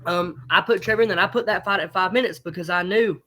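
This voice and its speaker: A man's voice: sits high, quick pace, sharp tone. A man, a fight promoter talking in a casual interview, blunt and emphatic, swearing freely. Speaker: fight promotion owner, guest.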